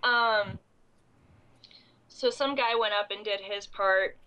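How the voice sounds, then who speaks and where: A woman's voice: medium pitch, takes it slowly, bright, forceful tone, smooth, low-quality recording. A young adult woman with a cold and coughing fits, recapping a convention in a rambling, casual podcast chat full of ums and restarts. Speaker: convention goer recapping the event.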